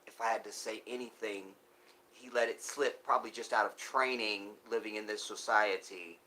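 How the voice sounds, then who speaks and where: A man with a low, edgy, forceful voice, addressing his viewers in an impassioned live monologue. He lurches between loud urgent appeals and quiet, hushed passages, often breaking off mid-phrase to start again. A faint hiss sits under his voice. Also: fairly even intonation, poor audio. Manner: halting, restarts often. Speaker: live streamer. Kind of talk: emotional live-stream monologue.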